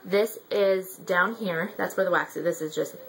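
A woman's voice: lowish voice, moderate pace, slight background noise, rough recording. A young woman chatting casually in a product review vlog, rambling with many ums and likes. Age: young adult.

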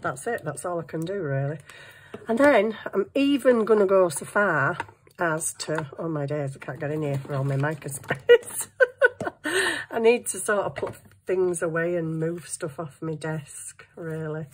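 A middle-aged woman chats through a crafting vlog, rambling and self-mocking as she hunts for supplies on her desk at home. Her voice is a little husky and sits on the low side. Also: lively intonation, measured pace. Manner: rambling, self-mocking, talks to herself while working. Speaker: craft vlogger.

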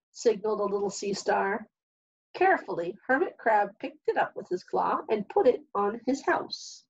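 A woman reading a children's picture book aloud as a storyteller, at a calm, even pace. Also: mid-range voice, moderate pace, breathy edge, highs cut off.

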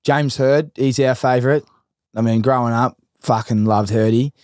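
An Australian man hosting a podcast, telling stories in a lively, profane, casual way. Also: mid-range voice, moderate pace, dry recording, clean studio sound. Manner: animated, profane storytelling. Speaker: podcast host. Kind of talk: casual interview chat.

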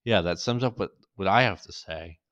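A man's voice: low voice, normal speed, fairly bright tone, no echo. A man voicing a bold but tender young woman, reading her lines in a casual way. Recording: dull dry lo-fi recording.

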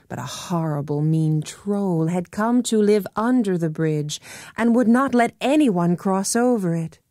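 Woman storyteller, very slow expressive telling, dry studio sound. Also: lowish voice, no room sound. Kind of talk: folk tale storytelling. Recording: dry studio recording with soft music. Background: soft instrumental music.

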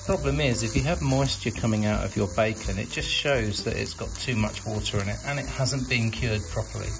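A man's voice: fairly low pitch, brisk, vocal fry, rough recording. A man explaining in a plain voice-over how a cured food should behave when it is cooked. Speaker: cookery teacher. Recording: voice-over with music behind.

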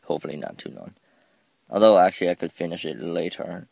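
Low, gravelly man rambling over gameplay. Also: big pitch swings, quick pace, darkish tone, no room sound. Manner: rambling, self-mocking, stumbles over words. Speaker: gameplay commentator. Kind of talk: casual game commentary.

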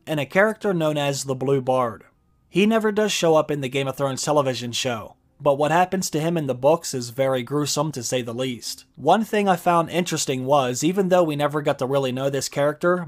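A man narrating a video essay and reading a book passage aloud, measured and explanatory. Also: a little high.

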